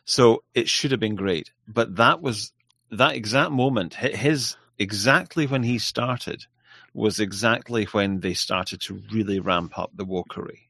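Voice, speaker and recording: A man's voice: on the low side, measured pace, gravelly, fairly bright tone, no room sound. A man from England in a casual podcast chat, blunt and opinionated, swearing freely. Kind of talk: casual conversation.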